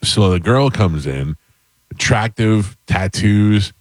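A man with a very low voice tells a rambling personal story to his co-hosts, casual and self-deprecating. The sound is dry and close, with no room around it. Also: takes it slowly, dry recording. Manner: rambling, animated anecdote with self-deprecating humor. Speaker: podcast host.

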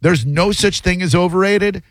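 A man's voice: high voice, moderate pace, a bit bright, dry recording. Opinionated male radio host. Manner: opinionated, rambling riffs. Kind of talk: casual radio chat.

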